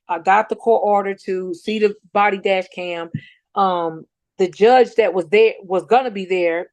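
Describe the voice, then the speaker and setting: A woman's voice: mid-range voice, no room sound. A middle-aged woman, speaking bluntly as a guest about her son's killing and acting out the dialogue as she tells it. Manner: animated storyteller acting out quoted dialogue; blunt and outspoken. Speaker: guest, bereaved mother. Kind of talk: emotional personal account.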